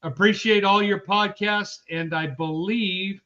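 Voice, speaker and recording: An upbeat man with a high, bright voice thanks viewers one by one as he reads through the chat. He sounds casual and friendly. The audio is dull and lo-fi. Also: fairly even intonation, unhurried. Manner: upbeat, shouting out viewers by name. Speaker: podcast co-host reading the chat. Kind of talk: casual live-stream chat.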